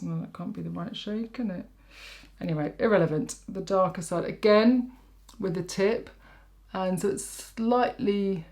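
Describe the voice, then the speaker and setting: In a rambling makeup tutorial, a woman talks as she works and keeps joking at her own expense. She has a darkish tone, pitched on the low side.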